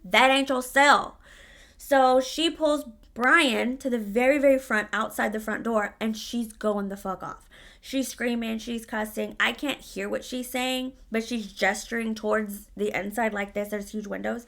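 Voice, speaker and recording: Casting: bright, forceful woman, slightly high voice, brassy storytime vlogger who swears freely. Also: fairly even intonation, a little slow, gravelly. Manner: sassy and profane, dramatic retelling. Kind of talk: casual storytelling.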